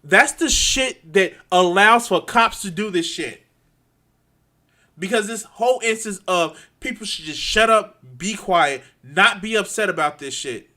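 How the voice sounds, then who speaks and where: A man ranting angrily to his viewers, swearing a lot, stumbling over restarts and swinging between quiet and loud. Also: high voice, animated. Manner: profane, halting, many restarts. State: angry and frustrated. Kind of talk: angry unscripted rant.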